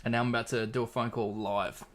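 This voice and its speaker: A man's voice: medium pitch, level tone, quick pace, a little hiss or hum. An Australian man hosting a livestream in casual chat, laid-back and swearing freely as he reads out chat messages. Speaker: livestream host.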